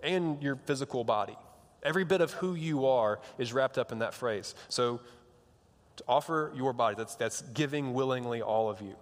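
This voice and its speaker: A man's voice: mid-range voice, normal speed. A young man preaching to students, telling a rambling, joking story full of restarts. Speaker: youth pastor. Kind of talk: sermon to students. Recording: long hall reverb.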